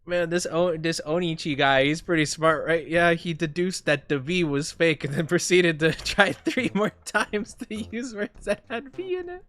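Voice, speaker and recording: Excitable, rambling young man, giggling. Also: fairly high pitch, normal speed, dry recording. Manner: excitable, rambling, laughs often, self-mocking. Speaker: streamer. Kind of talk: casual live-stream chat while playing a word game.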